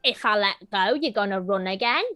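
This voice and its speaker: A woman playing a blunt, tough young adventurer with gruff, slangy talk. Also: medium pitch, fairly quick, bright, forceful tone, soft background music, voice pushed down, close to an everyday voice.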